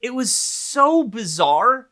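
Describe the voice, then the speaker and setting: A man's voice: very high voice, sing-song, slow pace, pushed and bright. A man co-hosting a podcast, telling a story in casual chat with lots of laughs and restarts. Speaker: podcast co-host, psychologist.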